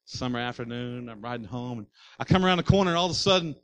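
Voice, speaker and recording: A man's voice: medium pitch, expressive, quick pace, fairly bright tone, clear, resonant tone, poor audio. A male pastor preaching a sermon. He speaks in an emphatic, repetitive preaching cadence with folksy asides to the congregation. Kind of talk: sermon with personal storytelling.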